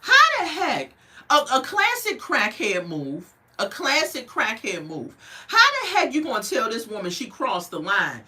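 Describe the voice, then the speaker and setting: Animated woman reviewing a TV show. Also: fairly high pitch, unhurried, few pauses. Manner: animated, outraged, then emotional and soft. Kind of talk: casual commentary.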